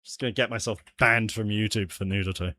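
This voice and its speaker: A man's voice: on the low side, steady tone, brisk, sharp tone. Chatty man musing as he works. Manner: chatty, laughs often, mutters to himself. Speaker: game developer streaming his jam entry. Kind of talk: casual livestream chat while working.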